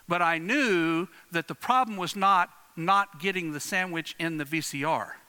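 A middle-aged man preaching a sermon, telling a family story with repeated phrases and swings between hushed and loud delivery. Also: a little high. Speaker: pastor. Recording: long reverb of a large hall.

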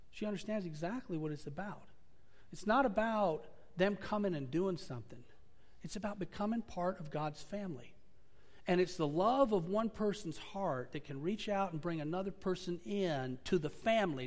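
Male pastor, high voice, earnest storyteller rising and falling in volume, church sanctuary with long reverb. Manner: earnest storytelling preaching, swelling and dropping in volume. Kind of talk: sermon.

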